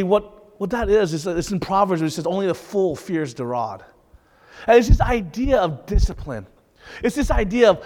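A man's voice: high-pitched, long reverb tail. A young man preaching a sermon in a conversational way, with rhetorical questions and light laughs. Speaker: pastor.

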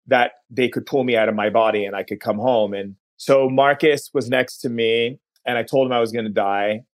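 Man, podcast guest, earnest storytelling, unhurried, average pitch. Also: steady tone. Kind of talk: personal storytelling.

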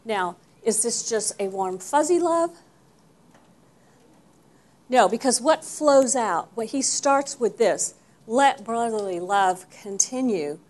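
A woman's voice: on the high side, expressive, takes it slowly, darkish tone. A woman leading a church Bible study class, teaching emphatically and putting questions to the group.

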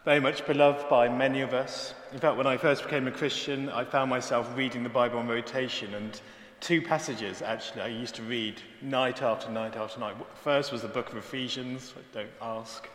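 A man preaches an evening sermon in a mid-pitched, earnest and conversational voice, often slipping in asides. His words ring out through a large church with a long, hall-like reverb. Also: steady tone, a little fast, a bit bright. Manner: earnest, conversational, peppered with "actually". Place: church, indoors.

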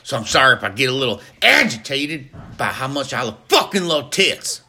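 A man voicing a crude, excitable country man who rambles loudly and swears a lot. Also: on the low side, moderate pace. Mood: rowdy. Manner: loud, rambling, crude and profane.

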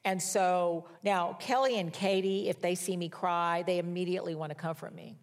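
Older female pastor, lower register, homespun storyteller with a wry streak. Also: fairly even intonation, moderate pace. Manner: conversational, folksy storytelling with wry humor. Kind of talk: sermon.

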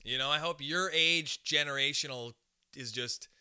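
A young man from Canada hosts a casual comedy podcast, telling a story with lots of swearing and quick acted-out bits of dialogue. His voice is very bright and sits a little high for a man. He swings his pitch wide as he plays the other people in the story. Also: clear, resonant tone. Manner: animated, swears a lot, acts out other people's lines. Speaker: podcast host.

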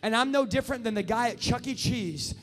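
A man in his thirties preaching an impassioned sermon that builds to shouting. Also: extremely high pitch, brisk, slight background noise. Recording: echoey hall with faint music.

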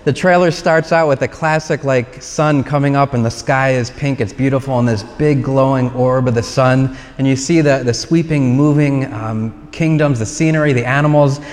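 A man's voice: medium pitch, darkish tone. A man preaching a conversational homily at Mass, retelling a film scene earnestly. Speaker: priest. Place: church at Mass. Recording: long church reverb.

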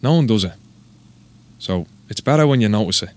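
A man's voice: fairly low pitch, lively intonation, brisk, a little mellow. A man with an Irish accent, a tattoo artist guest talking casually on a podcast, rambling and swearing with self-mocking humor.

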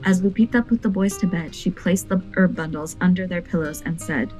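A woman's voice: lowish voice, a little fast, darkish tone, faint music behind, low-quality recording. A woman hosting a folklore podcast, narrating a scripted story in an earnest, vivid way.

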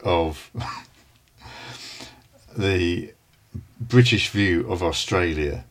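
Low-ish slow talking guy, co-host on a tv podcast, calm and amused. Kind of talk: casual review chat.

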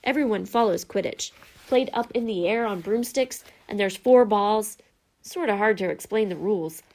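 A woman's voice: medium pitch, normal speed, darkish tone, close to an everyday voice. Woman doing a hearty, folksy giant of a man. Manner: folksy, drops his g's, hearty. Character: gruff giant male groundskeeper, big-hearted and blunt.

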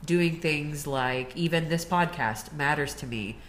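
A woman with a notably low voice co-hosts a podcast in relaxed conversation. She tells stories with energy, and she laughs easily between her points. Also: measured pace, slight background noise. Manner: chatty, animated storytelling with laughs. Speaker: podcast co-host. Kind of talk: casual chat.

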